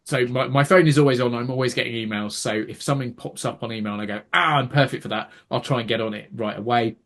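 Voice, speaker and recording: A man's voice: mid-range voice, fairly even intonation, quick pace. A man, a podcast co-host who works as an actor, explaining at length in casual chat. He often restarts words and acts out quoted reactions.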